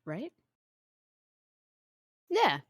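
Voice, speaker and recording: A woman in a tabletop game, playful and lively, often hesitating mid-sentence. Her voice sits somewhat high and moves expressively in pitch. The recording is dry. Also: drawn-out words, breathy edge, no room sound. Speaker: player. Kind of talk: casual tabletop play.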